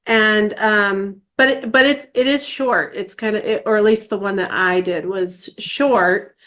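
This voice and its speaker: A woman in her forties hosts a casual interview, sharing her own experience in a warm, chatty way. She speaks at a middle pitch and pauses often on "um" and "uh". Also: steady tone. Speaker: interview host.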